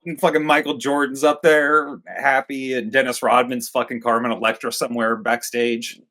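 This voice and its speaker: A man's voice: mid-range voice, moderate pace, few pauses. A man co-hosting a casual movie review, joking and acting out characters in silly voices. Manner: animated, jokey, acts out characters in silly voices. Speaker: co-host of a movie review show.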